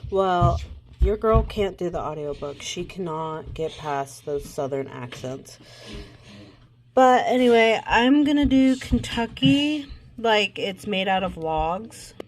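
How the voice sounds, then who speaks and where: A woman's voice: mid-range voice, expressive, takes it slowly, slight background noise. A woman vlogging casually about a book she's reading, rambling and thinking aloud. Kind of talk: casual chat.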